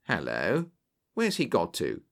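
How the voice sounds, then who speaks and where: A man's voice: low voice, wildly swooping pitch, slow, creaky, voice pushed down, full character voice. An earnest, plain-spoken police inspector of middle age, as a man voices him. He speaks straightforwardly, in a storybook manner.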